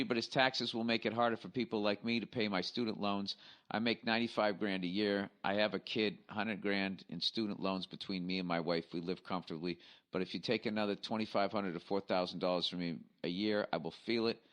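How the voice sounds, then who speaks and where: A man's voice: lowish voice, steady tone, fairly quick, fairly bright tone. A man in his forties from the United States, hosting a podcast in a blunt, profane, exasperated way while reading out a listener's letter. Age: 40s. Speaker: podcast host.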